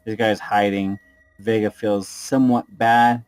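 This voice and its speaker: A man with a low voice and slow delivery narrates his character's actions in a tabletop game, rambling a little and adding sound effects. The sound is dry and close. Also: level tone, clear, resonant tone, no echo. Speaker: player.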